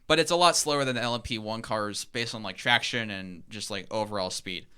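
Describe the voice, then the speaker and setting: A man's voice: fairly low pitch, brisk, pushed and bright, clear, resonant tone. A young man co-hosting a podcast, eagerly explaining in a casual, rambling way with lots of fillers. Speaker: podcast co-host.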